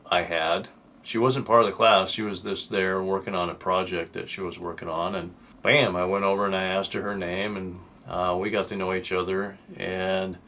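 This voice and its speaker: A man's voice: lowish voice, a bit bright. An older man telling a personal story in a casual, rambling, folksy way, with lots of fillers and restarts. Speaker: channel host telling personal stories.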